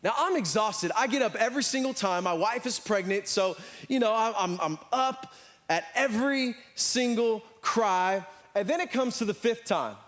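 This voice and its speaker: Animated high-voiced American pastor. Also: male voice, moderate pace. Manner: animated storytelling, acts out voices. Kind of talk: sermon. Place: church.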